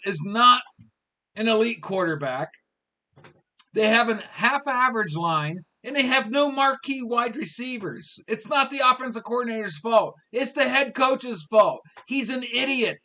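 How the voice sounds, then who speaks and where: Man, 50s, sports talk host, exasperated rant, bright voice. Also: extremely high pitch. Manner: exasperated, ranting, repeats questions.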